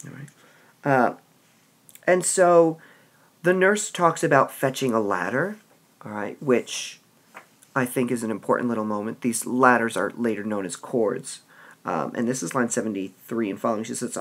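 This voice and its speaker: A man teaching a literature lesson, reading passages aloud and explaining them with a lively manner and frequent "all right"s. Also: mid-range voice, normal speed.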